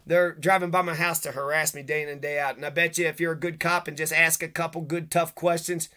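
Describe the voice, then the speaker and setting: Furious ranting man with a bright voice. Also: on the high side, level tone, quick pace, few pauses. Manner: agitated, profane, accusatory. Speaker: vlogger. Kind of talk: angry rant to camera.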